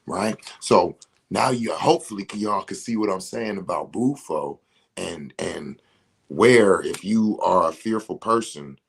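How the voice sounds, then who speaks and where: A man's voice: low voice, measured pace, vocal fry, slightly rough. A man leading a motivational spiritual talk, preaching emphatically and speaking straight to his listeners as a ceremony facilitator.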